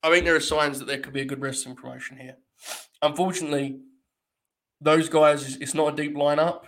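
A man's voice: on the high side, fairly even intonation, brisk, a bit bright. A man hosting a wrestling podcast, giving rambling, wry live-stream commentary and talking to his chat.

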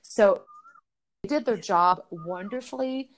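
Animated woman telling a story. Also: mid-range voice, slow pace. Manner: animated, laughs often, acts out her own quoted thoughts; swears casually. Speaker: podcast guest. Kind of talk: casual storytelling.

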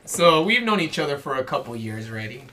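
Man, 30s, comedy podcast host, rambling, sharp bright tone. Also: mid-range voice, quick pace, slight background noise. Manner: animated, rambling, jokey. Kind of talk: casual comedic chat.

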